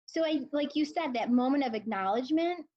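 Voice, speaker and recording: Forties woman teacher, emotional and earnest, somewhat high, muffled lo-fi sound. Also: lively intonation, brisk. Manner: emotional, earnest storyteller with many fillers. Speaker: high school English teacher, guest. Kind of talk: conversational interview.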